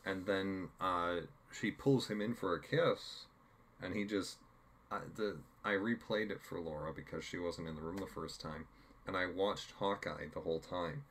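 A man with a very low, deep voice talks through a TV episode in casual podcast chat. He rambles and restarts his sentences, with faint ambience behind him. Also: a little hiss or hum. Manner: rambling, halting with fillers and restarts. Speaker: podcast co-host.

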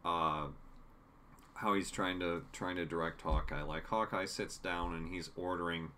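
A man with a very deep, low voice co-hosts a relaxed chat. He rambles conversationally and fills gaps with ums while reading through his notes. There is a faint hiss behind him. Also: measured pace. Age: adult parent. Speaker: podcast co-host. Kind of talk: casual chat reviewing a TV episode.

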